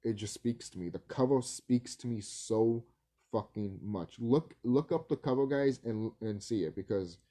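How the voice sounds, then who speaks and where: A man's voice: mid-range voice, mellow. A man vlogging casually, rambling and swearing, laughing easily and stumbling over his words. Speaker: video creator.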